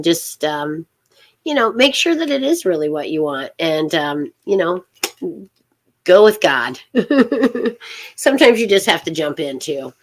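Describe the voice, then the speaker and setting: A middle-aged woman hosting a casual live tarot reading, rambling and halting, with many fillers and soft laughs. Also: low-pitched.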